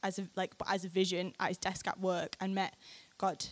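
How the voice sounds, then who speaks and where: A young adult woman, telling a personal testimony to a church audience in an animated way, often laughing. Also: lowish voice, moderate pace, slight background noise. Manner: animated storytelling, frequent laughter, acts out quoted lines. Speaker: speaker sharing a testimony.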